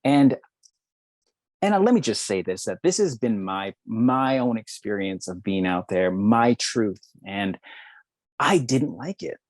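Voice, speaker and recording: A man's voice: lowish voice, big pitch swings, unhurried, no room sound. A man in his thirties from New Mexico, a podcast guest reflecting earnestly on his life with frequent restarts. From New Mexico, United States. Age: 30s. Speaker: podcast guest, law student. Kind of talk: candid personal storytelling.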